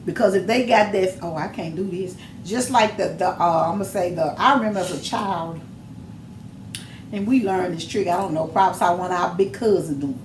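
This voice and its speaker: A woman's voice: lowish voice, a little fast, slight background noise. Emphatic middle-aged woman in an echoey room. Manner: emphatic, preachy storytelling. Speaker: podcast guest, mother. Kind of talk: casual chat.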